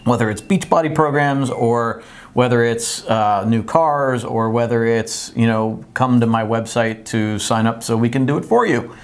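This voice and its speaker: A man's voice: mid-range voice, normal speed. A man hosting a casual live-stream chat, talking animatedly and reading posts aloud with laughs. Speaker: host.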